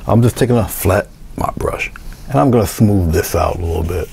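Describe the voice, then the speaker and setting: A man giving a casual painting tutorial, talking through each step in a relaxed way as he works. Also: sits low, fairly quick, creaky, slightly rough. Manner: relaxed, talks to himself while working, thinks aloud. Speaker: painting instructor.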